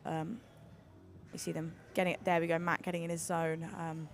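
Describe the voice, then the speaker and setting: A woman doing live sports commentary, excitable and gushing, with lots of fillers and restarts. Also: deep voice, normal speed, gravelly. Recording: busy venue noise behind.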